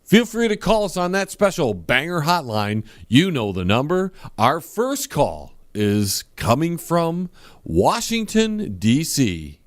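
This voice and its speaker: A man's voice: on the high side, big pitch swings, slow, no echo, clean studio sound. A man hosting a comedy call-in radio show, introducing callers with breezy patter.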